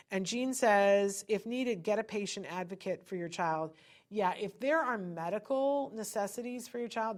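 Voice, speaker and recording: A middle-aged woman hosting a live-stream podcast, chatting with viewers in an encouraging way. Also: medium pitch. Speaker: podcast host.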